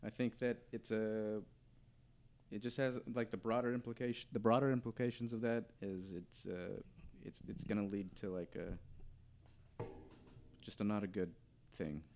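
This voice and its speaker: Rambling man with halting restarts. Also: lowish voice, fairly even intonation, a little mellow. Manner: rambling, hesitant, many restarts. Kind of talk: casual chat.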